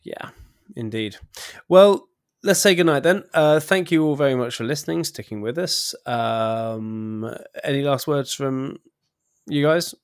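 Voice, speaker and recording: A man's voice: mid-range voice, measured pace, clean tone, no echo, clean studio sound. A man hosting a podcast in casual chat, rambling and hesitant with many fillers, laughing easily. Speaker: podcast host.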